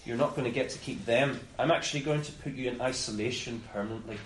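A man preaching a conversational sermon, often voicing the master's words in quick asides. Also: mid-range voice, a little hiss or hum. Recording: roomy echo with faint ambience.

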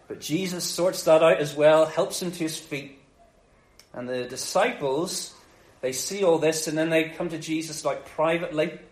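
A male preacher telling a story in a loose, joking style, his voice sitting fairly high. He sounds roomy, with noticeable echo. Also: normal speed. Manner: lively, jokey retelling. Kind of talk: casual sermon storytelling. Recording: echoey room.

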